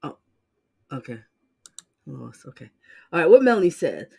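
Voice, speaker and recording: A woman hosting a channel, reacting bluntly and loudly to court clips in casual commentary. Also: low-pitched, moderate pace, creaky, husky. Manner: animated, exclaiming, sassy and blunt.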